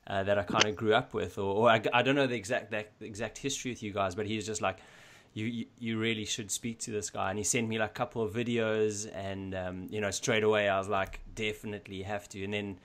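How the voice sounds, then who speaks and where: A man's voice: fairly low pitch, level tone, quick pace, a bit bright. A man hosting a podcast, chatting in a friendly, rambling way. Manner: friendly, rambling, many fillers and restarts. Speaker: podcast host. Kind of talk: casual chat.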